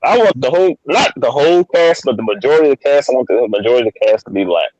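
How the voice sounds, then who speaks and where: A man co-hosting a podcast in casual chat, relaxed and talking in repeated short phrases. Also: mid-range voice, racing, dry recording, dull audio. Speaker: podcast co-host.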